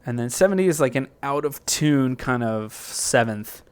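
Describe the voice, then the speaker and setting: A man talks through a music software tutorial in a loose, thinking-aloud way, full of fillers and restarts. His pitch sits in an ordinary middle range. Clear background noise runs beneath his voice. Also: animated, normal speed.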